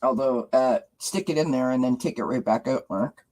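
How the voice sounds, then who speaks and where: A woman's voice: extremely low pitch, normal speed, mellow, poor audio. A woman hosting a live stream as a tarot reader, chatting casually and rambling with loose restarts.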